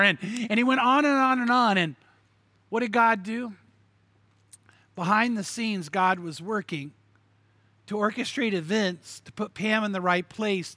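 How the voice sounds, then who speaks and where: A middle-aged male pastor delivers a sermon in a high, bright, forceful voice. He tells personal stories, acts out the people in them, and hammers points home through repetition. The sound is dry and close. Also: dry recording. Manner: storytelling with quoted voices and emphatic repetition.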